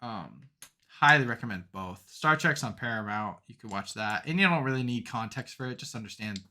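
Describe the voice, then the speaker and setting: A young man with a bright, forward voice chats casually as a podcast co-host. He rambles through his stories, piling on fillers, and grows animated when a story gets going. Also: medium pitch, a little fast. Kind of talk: casual chat.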